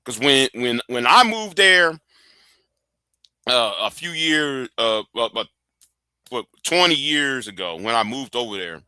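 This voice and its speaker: A man's voice: mid-range voice, expressive, unhurried, bright, forceful tone, smooth, no room sound. A middle-aged man, hosting a casual political livestream and rambling through stammers and restarts. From Texas. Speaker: livestream host.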